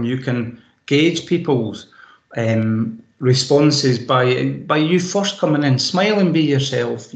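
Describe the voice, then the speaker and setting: A man's voice: mid-range voice, creaky, echoey room. A man with a Scottish accent giving practical, anecdotal tips in an online training session over a laptop video call. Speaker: presentation skills trainer. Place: home room. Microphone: laptop microphone on a video call.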